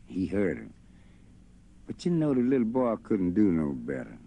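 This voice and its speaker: A man telling a folk story in a relaxed, rambling way. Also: deep voice, normal speed, creaky. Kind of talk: folk storytelling over guitar. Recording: faint guitar behind voice.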